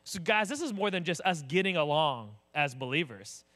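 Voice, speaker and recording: A man's voice: a little high, very animated, moderate pace, fairly bright tone. A man preaching a sermon, conversational and direct, asking the congregation questions. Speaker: pastor.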